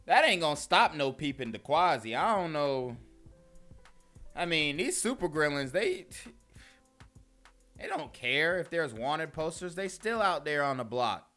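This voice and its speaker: A man's voice: a little high, sing-song, unhurried, pauses often, sharp tone, faint music behind. A young man hosting casual reaction commentary, slangy and often laughing. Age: young adult. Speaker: commentary host.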